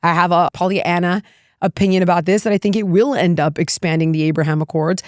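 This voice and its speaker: A woman's voice: lowish voice, fairly even intonation, fast talker, darkish tone, no echo, clean studio sound. A middle-aged woman from the United States, a guest speaking candidly and emphatically in an interview, often breaking into laughter. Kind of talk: candid political talk.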